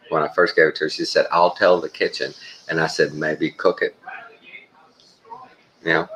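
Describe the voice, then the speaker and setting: A Texan man with an extremely low, deep voice spins an unhurried story for his live stream. He pauses and restarts often, filling gaps with "uh," and a faint ambient hum sits behind him. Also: fairly bright tone, poor audio. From Texas. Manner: halting, unhurried, full of "uh" pauses.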